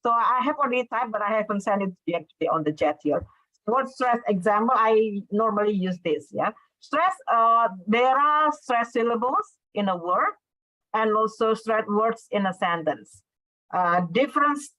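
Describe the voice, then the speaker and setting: A woman with an Indonesian accent giving an online English lesson, explaining step by step and checking in with quick tag questions. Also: on the high side, expressive, sharp tone, no echo. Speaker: English instructor. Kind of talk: online class lecture. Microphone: video call. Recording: dull lo-fi video call audio.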